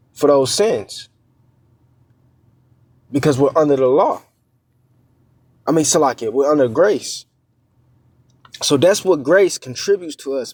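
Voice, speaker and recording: A man giving informal scripture teaching as a preacher. He talks conversationally, often checking in with "all right?" and "man", halts on fillers and restarts, and reads verses slowly and deliberately. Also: a little high, a little mellow, dry recording. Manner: halting, with many fillers and restarts.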